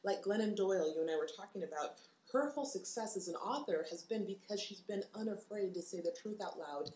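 A woman co-hosts a relaxed conversation, speaking in an encouraging, reflective way at a middle pitch. Her voice is recorded in a noticeably echoey room. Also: brisk. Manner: encouraging, reflective, animated when laughing. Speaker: podcast co-host. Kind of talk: casual conversational chat.

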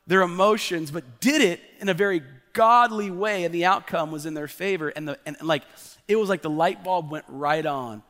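A man's voice: high voice, normal speed, sharp tone. A man in his thirties, a pastor preaching a sermon in a church auditorium, telling a story casually with many fillers. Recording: long reverb of a large church hall.

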